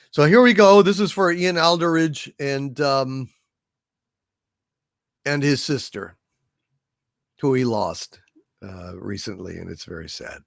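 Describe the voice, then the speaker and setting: Male stream host, unhurried and halting, thanks viewers, dry close sound. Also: on the high side, vocal fry, fairly bright tone, dry recording. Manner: rambling, with frequent filler hesitations. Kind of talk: casual live stream chat reading super chats.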